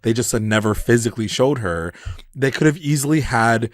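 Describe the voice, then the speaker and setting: Animated man recapping TV, dry-voiced. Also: mid-range voice, a little fast, dry recording. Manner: animated, heavy on "like", swears freely. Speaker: podcast co-host. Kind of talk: casual TV recap chat.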